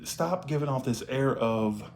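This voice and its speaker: A man's voice: medium pitch, a little slow, a little mellow. A man giving a casual live-streamed tarot reading, blunt and profane, scolding viewers and dropping "all right?" into his lines. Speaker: tarot reader.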